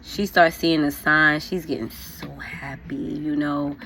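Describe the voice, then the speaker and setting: Low-voiced New woman telling a story. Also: level tone, unhurried, gravelly, a bit bright, slight background noise. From New York. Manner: casual, frank storytelling with heavy use of "like" and "you know". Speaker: vlogger. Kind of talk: get-ready-with-me storytime.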